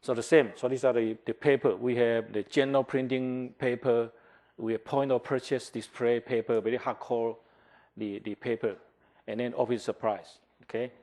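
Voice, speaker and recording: Man, older, from taiwan, university lecturer, classroom lecture, animated, english. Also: medium pitch, moderate pace. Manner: animated, acts out customer reactions, asks the class questions; non-native English, simplified grammar. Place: lecture hall.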